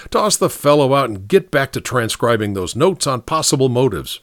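A man's voice: mid-range voice, sing-song, moderate pace, fairly bright tone. A man voicing an irritable male detective-novelist who snaps and growls his lines. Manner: snappish, fierce.

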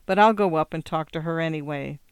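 A quiet, resolved mother speaks softly and steadily, her voice kept lower than the narration as a reader puts her on. She stays calm and low-key throughout. The reading is smooth and dry. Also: brisk, no room sound, close to an everyday voice.

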